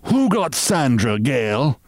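A man voicing a soft-spoken, sinister male gang boss with smooth, quiet politeness. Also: medium pitch, big pitch swings, takes it slowly, no echo, clean studio sound, voice pushed up. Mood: menacing.

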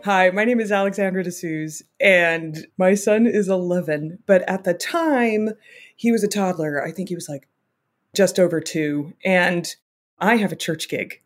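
Woman, church singer, brisk storyteller, exasperated comic tone. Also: on the low side, soft background music.

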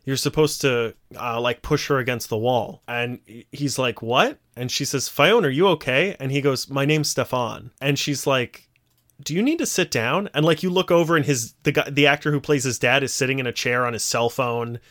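A man's voice: mid-range voice, normal speed, hardly any pauses. A man co-hosting a casual podcast chat, retelling scenes at length and acting out the quoted lines. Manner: animated storyteller, acts out quoted lines. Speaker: podcast co-host.

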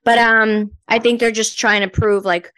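A woman with a New Jersey accent chats away on a podcast with a slightly raised pitch. She leans on fillers and teases with disbelief. The sound is close and dry. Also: level tone, moderate pace, a bit bright, dry recording. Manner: chatty, filler-heavy, incredulous teasing. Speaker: podcast co-host. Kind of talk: casual chat.

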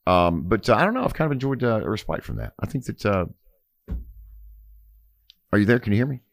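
A man's voice: on the low side, very animated, fairly quick, gravelly, no echo. A man co-hosting a radio podcast from a studio. He reads sponsor spots and banters casually, rambling with many fillers and restarts.

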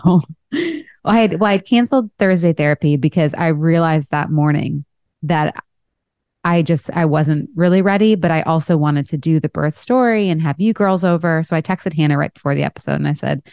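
Casting: woman podcast host, low-ish dry studio voice, chatty and laughing. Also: fairly quick, darkish tone, clean tone, no room sound. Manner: chatty, laughs often, retells stories. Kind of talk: casual chat.

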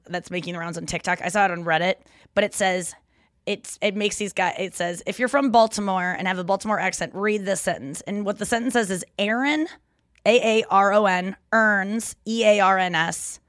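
A woman's voice: medium pitch, no echo. Woman co-hosting a podcast, chatty and rambly, dry close sound. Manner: animated, rambling, laughs often. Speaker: podcast co-host. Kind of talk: casual chat.

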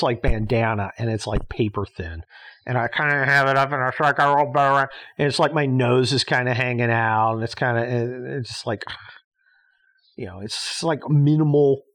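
A man hosting his own podcast, holding forth alone in a blunt, sarcastic rant. He swears freely and trips over his own sentences, restarting them as he pushes his point. His pitch sits in the middle for a man. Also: fairly bright tone. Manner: blunt, sarcastic, profane ranting with frequent restarts. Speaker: podcast host. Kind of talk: casual monologue.

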